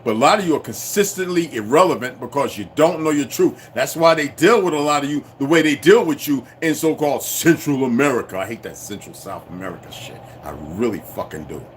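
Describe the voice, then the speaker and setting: Profane ranting man, loud then muttering. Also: medium pitch, lively intonation, brisk, few pauses, slight background noise. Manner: profane, confrontational, swings from shouting to muttering. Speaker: channel host. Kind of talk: unscripted rant to viewers.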